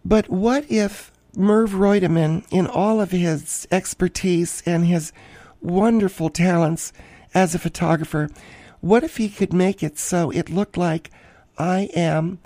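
A flamboyant woman podcast host, played by a man, gushes about herself in a high, soft-edged voice. She rambles theatrically in a dry, close recording. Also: fairly even intonation, slow pace, no room sound. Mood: gushing. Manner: theatrical, rambling, gushing, self-important. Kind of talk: comic character monologue.

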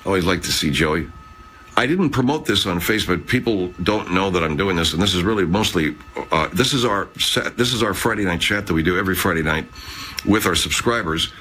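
A man's voice: low voice, animated, brisk, bright, forceful tone, slight background noise. Rambling, cursing male livestream host. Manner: rambling, profane, chatty. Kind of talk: casual live chat reading viewer comments.

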